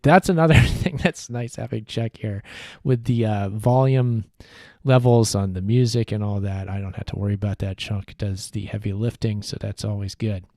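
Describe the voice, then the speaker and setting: Guy rambling on his livestream, lots of ums, mellow voice, dry sound. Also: medium pitch, no echo. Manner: rambling, relaxed, many fillers. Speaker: podcast host. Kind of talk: casual livestream chat.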